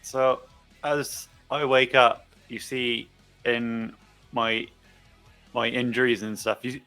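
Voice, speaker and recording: A man's voice: medium pitch, little pitch movement, slow pace, bright, forceful tone, soft background music. A man playing in a tabletop game, casually describing his character's actions with plenty of fillers. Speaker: player.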